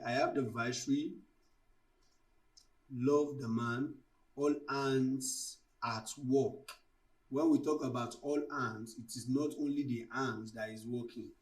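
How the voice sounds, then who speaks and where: A male tutor gives a slow, measured lecture and walks through each example step by step. His voice sits at an ordinary middle pitch. It sounds a little distant, as if he is standing some way back from the microphone. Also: a little mellow. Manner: deliberate, explains terms with worked examples. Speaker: literature tutor. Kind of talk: exam-prep lecture.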